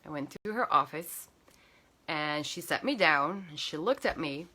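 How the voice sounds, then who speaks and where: A woman coach telling a personal story to camera, animated and emotional, with many fillers and restarts. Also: deep voice, unhurried. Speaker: healer and coach.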